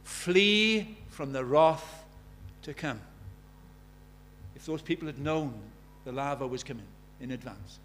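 An older man preaching an evangelistic sermon, impassioned, dropping to a hush and then rising loud. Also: medium pitch, takes it slowly, slight background noise. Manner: impassioned, swings from hushed to loud.

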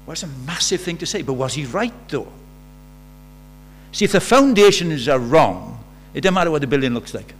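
A man's voice: fairly high pitch, very animated, moderate pace. Male preacher, conversational sermon. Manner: conversational, with rhetorical questions. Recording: faint mains hum.

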